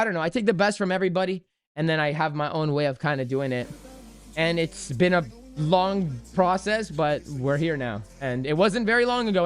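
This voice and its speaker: A man streaming about crypto trading, answering viewer questions in a loose, joking, self-deprecating way with many restarts. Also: a little high. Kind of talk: casual livestream chat answering viewer questions.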